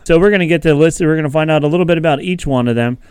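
A man's voice: on the high side, rapid-fire, a little mellow, clean tone, no room sound, clean studio sound. A man hosting a podcast in casual chat, rambling and chatty and laughing often between thoughts. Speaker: podcast host.

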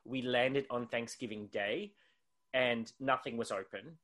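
A man's voice: mid-range voice, fairly even intonation, unhurried, fairly bright tone. An Australian man co-hosting a podcast, chatting casually in a rambling way full of "like" and frequent laughter. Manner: rambling, heavy use of "like", laughs often. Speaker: podcast co-host.

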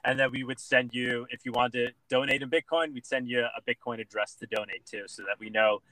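A man's voice: mid-range voice, fairly even intonation, brisk, noisy background. A man talking as an interview guest, earnestly making his case with many fillers and repeated words. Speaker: guest, political candidate. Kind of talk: casual interview chat.

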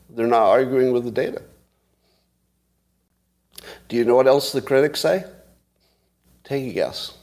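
A man's voice: mid-range voice, a little mellow. Sarcastic man hosting a solo stream. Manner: sarcastic, asks the audience rhetorical questions; halting, many pauses and filler sounds. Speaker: show host. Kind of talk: solo livestream commentary.

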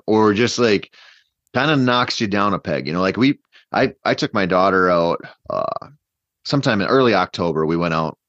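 A man casually telling a long story in a rambling, animated way, full of fillers and restarts. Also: low voice, dry recording. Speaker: podcast guest hunter. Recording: dull, dry podcast mic.

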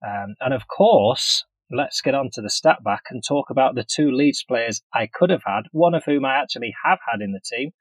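Man, husky voice, dry recording, wry banter, podcast co-host. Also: medium pitch, lively intonation, moderate pace, few pauses, no room sound, low-quality recording. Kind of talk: casual chat about fantasy football.

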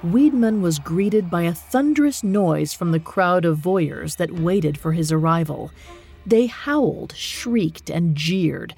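A woman hosting a podcast, telling a grim history in measured, scripted narration. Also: on the low side, creaky, darkish tone, slightly rough, soft background music. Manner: measured, grave storytelling. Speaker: podcast host.

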